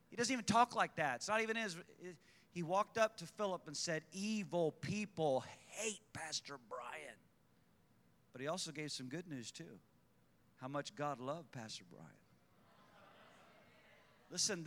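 A man's voice: fairly high pitch, sharp tone. A man preaching a fervent sermon to his church, repeating lines for emphasis and calling out people by name. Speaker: pastor. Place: church sanctuary. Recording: long hall reverb.

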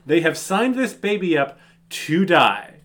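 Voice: mid-range voice, big pitch swings, a little slow, a bit bright. A podcast co-host recapping a movie in incredulous, swearing casual chat.

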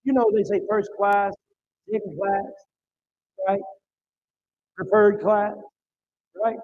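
A man's voice: high voice, level tone, slow, pauses often, a little mellow, slight background noise. A male pastor preaching a sermon in church, emphatic and calling on the congregation to answer back, in a dull, muffled recording.

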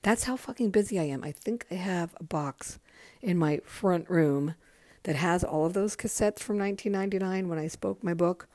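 Low-voiced, profane woman podcaster. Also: brisk, a little mellow, dry recording. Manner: candid and profane, rambling with frequent ums. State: tired, yawning. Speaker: podcast host. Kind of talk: casual solo podcast chat.

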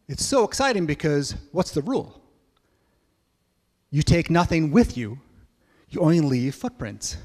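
A man telling a story in a sermon at church, lively and acting out voices. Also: on the high side, normal speed, pauses often, long reverb tail. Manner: animated storyteller, acts out kids' voices. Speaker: church speaker.

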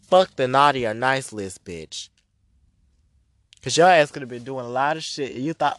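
Male podcast host, spiritual reader, blunt and profane rant, mid-pitched, dry close sound. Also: moderate pace, no room sound. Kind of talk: ranting podcast monologue.

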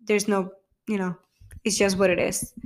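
A woman's voice: mid-range voice, flat delivery, moderate pace. A young woman vlogging casually about a TV episode, gushing and emotional, swearing freely and acting out quotes. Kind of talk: casual chat.

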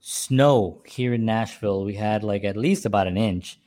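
A man's voice: lowish voice, moderate pace, dark tone. A middle-aged man hosting a casual talk show from home, rambling with many fillers and restarts. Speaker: podcast host. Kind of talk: casual chat.

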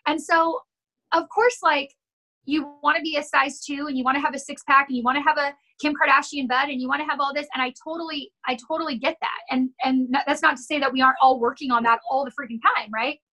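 Bright high-voiced woman trainer. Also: steady tone, fast talker, poor audio. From California. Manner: candid, encouraging, tells stories with quoted voices. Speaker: gym owner and personal trainer. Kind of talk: casual podcast chat.

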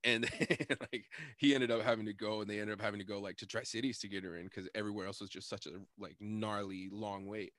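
A man's voice: on the low side, steady tone, quick pace, hardly any pauses, a bit bright, dry recording, studio quality. A young man hosting a podcast, telling a story in a casual, rambling, profane way and laughing often. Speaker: podcast host.

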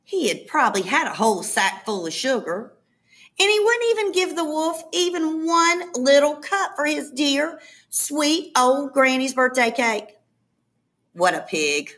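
Expressive woman reading a children's story. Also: high voice, a little slow. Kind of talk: children's story read aloud.

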